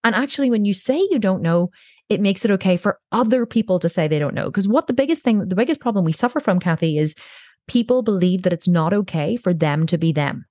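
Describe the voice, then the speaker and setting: A woman's voice: medium pitch, expressive, fast, darkish tone, dry recording, clean studio sound. A woman guest on a podcast, talking candidly and telling stories with the odd swear word. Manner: candid storytelling, casual swearing. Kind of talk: conversational podcast interview. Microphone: own podcast microphone.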